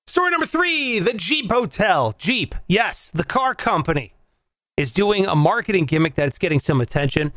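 Animated comic monologue host. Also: medium pitch, normal speed, no room sound. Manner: animated, jokey, jumps into silly voices. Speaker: comedy show host.

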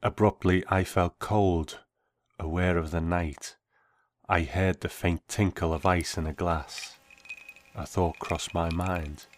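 A man reading a first-person story aloud in a measured, reflective way. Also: sits low, fairly even intonation.

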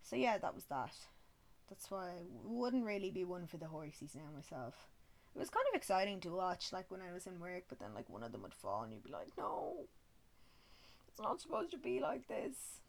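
Woman in her twenties, casual sweary storyteller with a slightly low voice. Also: very animated, brisk, vocal fry. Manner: chatty, swears freely, self-mocking. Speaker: vlogger.

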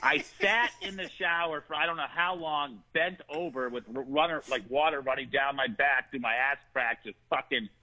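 A man recounts a comic mishap in loose, profanity-laced talk, slipping into the voices of the people in his story. His voice is bright and sits a little high for a man. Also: moderate pace, few pauses, rough recording. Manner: animated, swearing, acts out quotes. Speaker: guest telling a story.

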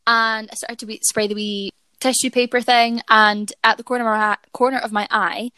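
A woman's voice: on the high side, flat delivery, moderate pace, pushed and bright, clear, resonant tone, no room sound. A young woman tells a story in a casual podcast chat. She talks in a chatty, self-deprecating way, full of "like"s and restarts. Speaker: podcast co-host.

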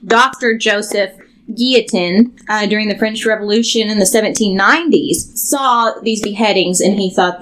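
A woman's voice: medium pitch, moderate pace, a bit bright, a little hiss or hum, low-quality recording. A woman co-hosting a history podcast, speaking casually with dry, teasing humor. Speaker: podcast co-host.

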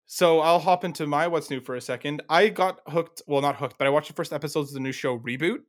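Co-host, male, slightly higher voice, playful teasing manner. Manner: teasing, quick to laugh, friendly ribbing. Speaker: podcast co-host. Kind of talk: casual chat.

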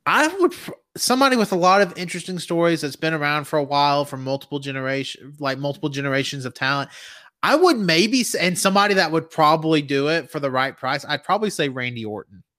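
A young man from Alabama with a Southern US accent, hosting a casual podcast chat, animated and swearing freely. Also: fairly high pitch, quick pace. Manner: animated, swearing, laughing often. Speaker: podcast host.

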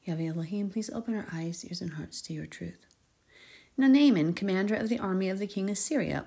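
A woman hosting a Bible podcast, reading scripture aloud and breaking off into expressive, giggly commentary. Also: lowish voice. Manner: expressive, giggly, acts out characters in paraphrase.

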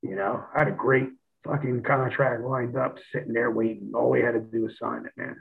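A man's voice: medium pitch, fairly quick, creaky. A man, a former pro wrestler, chatting as a guest and telling stories with a lot of swearing, acting out what he said back then. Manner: profane, animated storytelling, acts out his own past lines. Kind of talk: casual podcast chat. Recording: tinny phone line.

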